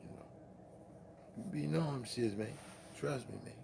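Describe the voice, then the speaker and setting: A man's voice: medium pitch, moderate pace, gravelly, background noise. A man hosting a late-night music stream, rambling in profane, laughing, casual chat between songs.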